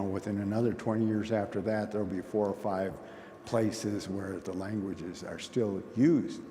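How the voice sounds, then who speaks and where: A man's voice: fairly low pitch, warm tone. Folksy man speaking in a reverberant hall. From Oneida community. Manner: storytelling, folksy, plain-spoken. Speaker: conference speaker. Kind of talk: conversational talk. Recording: long hall reverb, faint noise.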